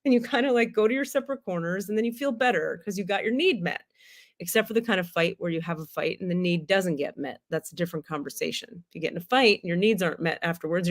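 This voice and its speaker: A woman hosting a spiritual livestream, talking candidly and casually, swearing freely and laughing often. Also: lowish voice.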